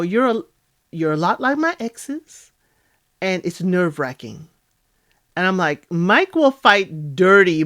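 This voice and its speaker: A woman hosting a casual reality TV recap, chatty and animated, acting out the cast members' lines in playful voices. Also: medium pitch.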